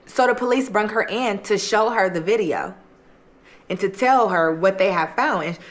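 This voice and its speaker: A woman's voice: mid-range voice, a bit bright. A woman hosting a mukbang, casually retelling a true-crime case in a chatty way, full of "like" and acted quotes. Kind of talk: casual true-crime storytelling while eating.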